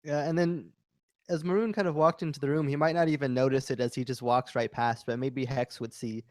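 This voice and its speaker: A man's voice: medium pitch, fairly even intonation, fairly quick, darkish tone, no room sound. A man speaks as a player in a tabletop game, his voice dry and close with no room around it. He describes his character's actions at length and wanders through filler words.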